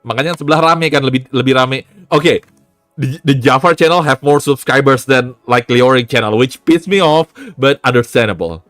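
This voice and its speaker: A man, a VTuber chatting casually on stream, animated, laughing often and swearing freely. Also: mid-range voice, a little fast, no echo, soft background music.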